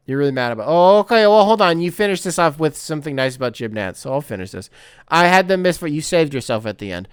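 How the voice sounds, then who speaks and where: A man's voice: medium pitch, smooth, no room sound, clean studio sound. A man hosting a casual sports podcast, reading out a listener's email and breaking off often to laugh, riff and swear. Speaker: podcast host.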